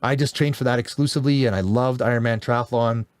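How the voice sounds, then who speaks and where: A man's voice: medium pitch, quick pace, dry recording. A man in his forties from Canada, an endurance coach telling his story as a guest in a casual, enthusiastic way. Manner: lively, enthusiastic, laughs through stories.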